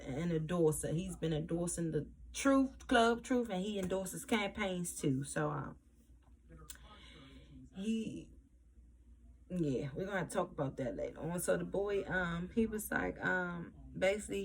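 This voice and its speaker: Gravelly-voiced woman recapping a TV episode. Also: lowish voice. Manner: animated retelling, acts out characters' lines. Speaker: TV episode reviewer. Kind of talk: casual recap to camera.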